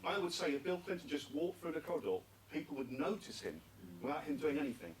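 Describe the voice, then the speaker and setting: A man's voice: fairly high pitch, big pitch swings, quick pace. A man giving an interactive talk at a speaking club conference, asking the audience questions and repeating their answers. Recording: distant mic with faint background noise.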